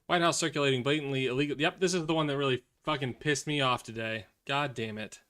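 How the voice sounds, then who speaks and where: A man talks through the day's headlines on a live stream, cursing as his temper flares. His voice is bright and edged, and it drops into low, tired mumbles between the outbursts. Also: quick pace, hardly any pauses, clean tone. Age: adult, has children. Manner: profane, swings from angry rants to weary mutters. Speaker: streamer reacting to news. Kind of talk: casual live commentary.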